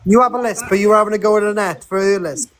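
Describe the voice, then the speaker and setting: High, bright teasing man. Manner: teasing, quick jabs, defensive. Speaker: guest on a live stream. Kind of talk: live-stream banter.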